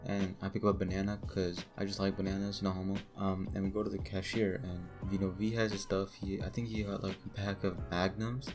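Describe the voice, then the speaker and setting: A man telling a crude, joking story in a casual, rambling way, full of asides. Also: deep voice. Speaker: storytime vlogger.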